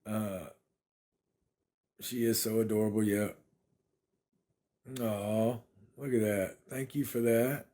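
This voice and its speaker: A man's voice: lowish voice, fairly even intonation, slow, pauses often, warm tone. A man, chatting casually on a phone livestream from his apartment and thanking viewers by name. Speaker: livestream host.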